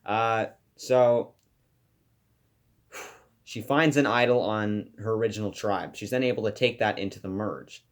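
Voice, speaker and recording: A man with a fairly low voice gives an eager class presentation, stumbling and restarting as he goes. His delivery is casual and heavy with fillers. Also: a little slow, long pauses. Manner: enthusiastic, rambling with fillers and restarts. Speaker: student presenter.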